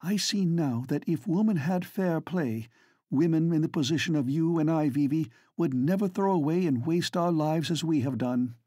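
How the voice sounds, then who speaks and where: A man's voice: on the high side, normal speed, no room sound, clean studio sound, pitched above the performer's own voice, close to an everyday voice. A man voicing a resolute Edwardian lady. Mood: resolved. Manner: earnest, quietly determined speech. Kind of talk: audiobook character reading.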